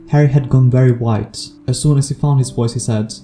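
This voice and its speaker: Adult male audiobook narrator, very dark mellow tone, steady storytelling, faint guitar underneath. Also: mid-range voice, brisk, few pauses, roomy sound. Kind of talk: scripted narration.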